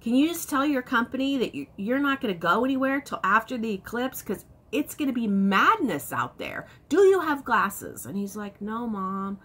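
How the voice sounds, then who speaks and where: A woman in her fifties chatting to camera in a casual vlog, telling stories with excitement. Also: on the high side, normal speed, few pauses, slightly rough. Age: 50s. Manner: excitable, animated storytelling with laughs. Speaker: vlogger.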